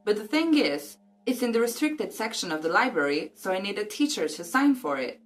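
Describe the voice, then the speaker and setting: A woman's voice: mid-range voice, big pitch swings, a little fast, soft background music, pitched above the performer's own voice, lightly acted. A woman reading aloud and voicing a twelve-year-old schoolgirl who stammers nervously and is eager to please.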